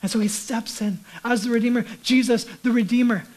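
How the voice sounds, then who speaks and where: A man giving a sermon as a pastor, talking conversationally and dropping to a hushed whisper for emphasis. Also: very high-pitched, steady tone, a little fast, poor audio.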